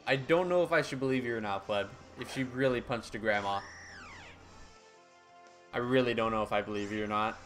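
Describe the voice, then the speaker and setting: A man's voice: medium pitch, brisk, pauses often, a bit bright. American guy streaming, chatting with chat, mid voice, faint game music under it. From United States. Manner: chatty, answers viewer chat with easy laughs. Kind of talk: casual live-stream chat.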